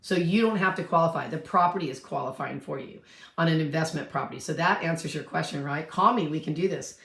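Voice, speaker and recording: A woman's voice: sits low, fast, creaky, fairly bright tone, echoey room. A woman in her fifties, a real estate agent, chatting casually on a livestream, rambling and answering viewer questions.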